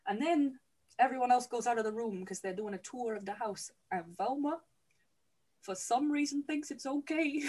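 Higher-pitched female host, giggly comic storyteller who swears casually. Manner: chatty, laughs often, swears casually. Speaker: podcast host. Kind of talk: comedic movie recap.

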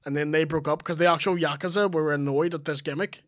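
Podcast co-host, man with a slightly high voice, dry and profane, tells it deadpan. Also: quick pace. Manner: dry, swearing, storytelling banter. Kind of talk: casual comedic chat.

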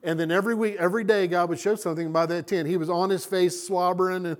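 Guy pastor preaching, lively, acts out bits, slightly high voice. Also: fast talker, few pauses. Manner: animated preaching, acting out voices. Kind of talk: sermon.

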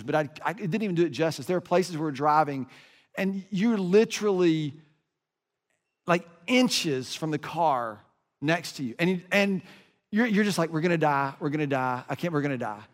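An American man telling a travel story in a sermon, animated and emphatic, often restarting his sentences. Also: high-pitched, fairly quick. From United States. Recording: reverberant hall.

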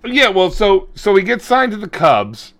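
A man co-hosting a podcast, retelling scenes in a crude, rambling, animated flow. His voice is bright and sharp, pitched a little high for a man, with a loose casual pace. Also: unhurried. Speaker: podcast co-host. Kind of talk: casual chat.

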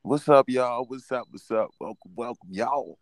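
A man's voice: medium pitch, normal speed, dry recording. A man hosting a casual live stream, loose and laughing as he coaxes callers to perform.

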